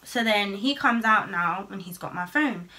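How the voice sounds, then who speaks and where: Bright-voiced woman telling a story. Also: medium pitch, normal speed. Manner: animated, swearing, heavy slang. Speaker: vlogger. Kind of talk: storytime vlog.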